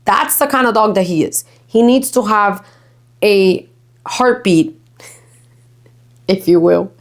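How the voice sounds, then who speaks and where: Young woman podcast host from Miami, mid-range pitch, casual, foul-mouthed, giggly. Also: slow. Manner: chatty, swears freely, laughs often, mixes Spanish. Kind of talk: casual chat.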